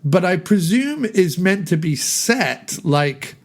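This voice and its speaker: A man's voice: sits high, very animated, slow. A man chatting casually about a film, digressive and laughing at his own jokes. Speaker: podcast film discussion guest.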